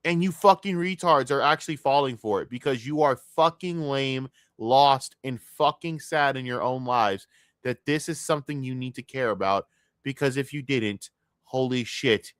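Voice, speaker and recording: A male streamer gives profane, excitable reaction commentary, lurching from muttered asides into loud outbursts. His voice sits at an ordinary middle pitch and sounds close and dry, with no room around it. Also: measured pace, no room sound. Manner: excitable, swears constantly, ranting with sudden loud outbursts.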